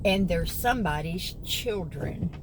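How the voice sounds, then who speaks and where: With lively intonation and an unhurried delivery, a sixty-something vlogger from the American South chats folksily to her viewers in a Southern accent, casually speaking to camera. Her voice is lowish, and there is background noise.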